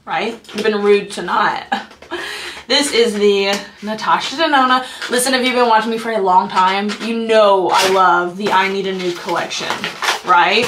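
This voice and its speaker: Against background noise, a medium-pitched woman talks through a casual haul vlog at home in her apartment. She gushes about beauty products, constantly saying "like" and "you guys."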